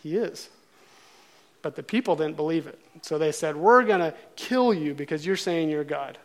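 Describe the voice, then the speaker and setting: Animated storytelling preacher, a man. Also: fairly high pitch, normal speed. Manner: animated storytelling, acting out quotes. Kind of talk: sermon.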